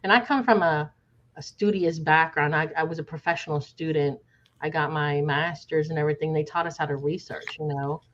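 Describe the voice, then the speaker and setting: A woman's voice: sits low, brisk, lo-fi sound. A woman guest on a podcast, explaining with emphatic exasperation in casual conversation.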